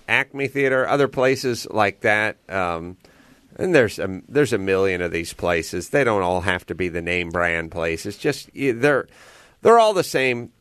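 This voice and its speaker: A man in casual conversation, telling stories in a blunt, profane and animated way. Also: lowish voice, clear, resonant tone, dry recording.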